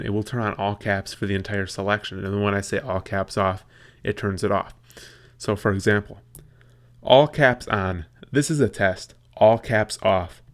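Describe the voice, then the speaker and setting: A young man casually explaining a tutorial step by step, slowing down when he dictates punctuation aloud. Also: fairly low pitch, fairly bright tone. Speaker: tech video host. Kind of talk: screen tutorial with dictation demo.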